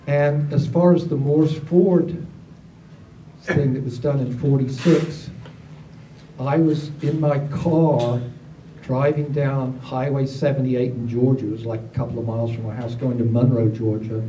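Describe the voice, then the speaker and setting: Man, very dark timbre, animated storyteller, roomy and distant recording with faint noise. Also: mid-range voice, unhurried. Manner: animated, acts out other people's lines in raised voices. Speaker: storyteller at a gathering. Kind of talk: casual spoken storytelling.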